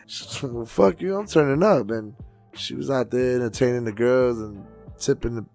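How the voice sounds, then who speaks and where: Gravelly man telling wild stories. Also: medium pitch, normal speed, faint music behind. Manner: loud, profane, acts out voices with big swings. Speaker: podcast co-host and DJ. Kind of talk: casual podcast storytelling.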